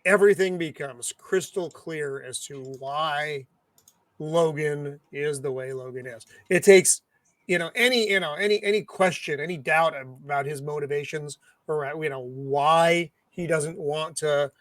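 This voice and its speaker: A man on a discussion panel, speaking expressively and quick to laugh. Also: fairly high pitch, fairly bright tone, no echo.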